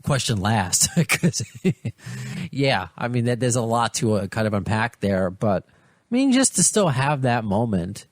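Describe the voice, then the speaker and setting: A man hosting a podcast interview, asking questions in a halting way with many restarts. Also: mid-range voice, very animated, no room sound, clean studio sound. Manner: hesitant, many restarts, laughs along. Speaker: podcast host. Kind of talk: casual interview.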